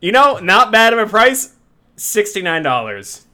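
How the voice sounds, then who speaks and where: Young man, show host, slightly high voice, crisp, rambling and profane, casual chat. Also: big pitch swings, a little slow, sharp tone. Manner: rambling, profane storytelling with many restarts. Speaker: podcast host.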